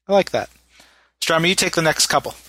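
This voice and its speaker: A man's voice: fairly high pitch, a little fast. A man hosting a podcast, chatting casually and reading out listener messages with plenty of fillers. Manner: relaxed, chatty, many fillers. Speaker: podcast host.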